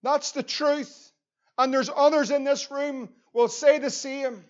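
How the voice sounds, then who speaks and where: A man's voice: extremely high pitch, fairly even intonation, slow, dull audio. A man with a Northern Irish accent preaching a sermon as pastor, earnest and repeating phrases for emphasis.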